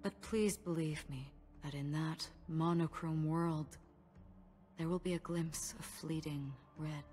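An actress voicing a calm, cryptic and mysterious woman in a game, speaking in a slow, measured way. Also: low-pitched, slight background noise. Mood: enigmatic. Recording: game audio with long reverb.

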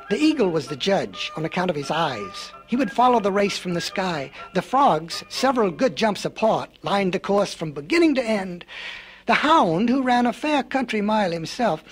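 Folksy guy telling a story, high breathy voice, bouncy pitch. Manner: folksy, meandering asides. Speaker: narrator. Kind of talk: storybook narration.

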